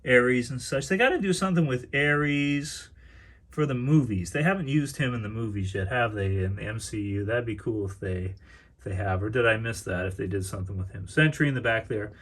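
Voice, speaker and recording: A man's voice: mid-range voice, a little fast, a bit bright. A man in the middle of his range talking loosely as he walks through a collection on video. He rambles, repeats himself and restarts sentences as he goes. He often calls his viewers "dudes". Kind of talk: casual collection tour vlog.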